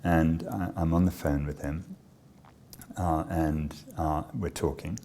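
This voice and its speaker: A man who directs a charity, telling a personal story in a measured, understated way with frequent pauses. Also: very deep voice, fairly even intonation, warm tone, slight background noise.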